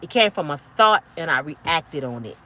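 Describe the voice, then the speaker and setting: A woman in her fifties giving a blunt, profane, preachy monologue to camera, yelling at times. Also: sits low, animated, normal speed. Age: 50s. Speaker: motivational vlogger.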